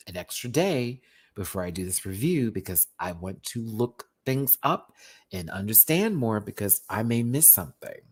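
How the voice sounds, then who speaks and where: A man's voice: lowish voice, gravelly. A man from Texas with a light Southern twang, ranting animatedly in a casual review and repeating words for emphasis. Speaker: drag show reviewer. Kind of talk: casual video review rant.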